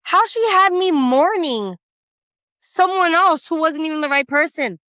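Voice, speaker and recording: A woman's voice: sits high, measured pace, no echo. A woman co-hosting a book podcast, chatting casually and telling stories with lots of swearing and big swings in energy. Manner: animated, swearing, storytelling. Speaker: podcast co-host. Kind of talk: casual chat.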